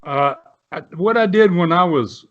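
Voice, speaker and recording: Speaking a little slowly, a retired wrestler in his 70s uses a high, slightly bright voice with lively intonation. He tells rambling stories full of salty language in a folksy interview style. The recording sounds dull and lo-fi.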